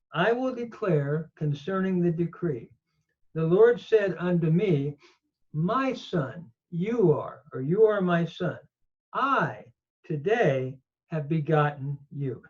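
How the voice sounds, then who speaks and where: Slow, deliberate male Bible teacher. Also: a little high, darkish tone. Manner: deliberate, reads Hebrew aloud then explains grammar. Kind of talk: slow grammar lecture. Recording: slightly dull lo-fi audio.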